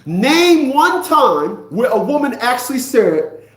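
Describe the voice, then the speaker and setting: A man's voice: extremely high pitch, very animated, takes it slowly, roomy sound, a little hiss or hum. A man in his fifties ranting in a preachy, profane monologue, often repeating himself. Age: 50s. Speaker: vlogger.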